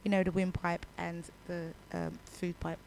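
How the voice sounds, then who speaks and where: A woman's voice: fairly low pitch, flat delivery, normal speed, gravelly, a little mellow, a little hiss or hum. A woman radio DJ with a young child, telling a story in a chatty way between songs, her throat still recovering. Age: adult parent. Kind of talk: casual radio chat.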